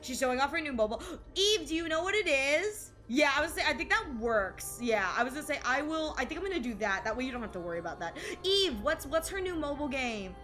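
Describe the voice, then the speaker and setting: A young woman streamer chats casually with her viewers in a high, bright voice, giggling often and tripping over her own sentences. Her desk mic catches faint music playing behind her. The voice stays lively and close. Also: fast, few pauses. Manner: giggly, chatty, frequent laughter and restarts. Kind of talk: casual live-stream chat with chat readers.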